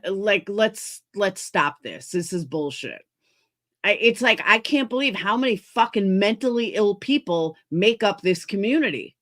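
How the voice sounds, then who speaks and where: A woman's voice: mid-range voice, fairly bright tone. A woman streamer ranting heatedly about other creators, swearing often and sounding exasperated. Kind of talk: livestream commentary rant.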